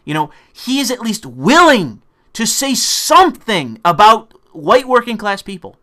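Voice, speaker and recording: A political commentator with a high, sharp-toned voice rants at a measured pace, very animated. Angry and profane, he's combative and sarcastic, adopting mocking voices whenever he quotes opponents.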